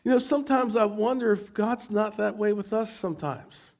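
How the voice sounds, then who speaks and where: A man's voice: sits high, normal speed, a little mellow. A middle-aged American man preaching a sermon, often stumbling and repeating words as he goes. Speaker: pastor.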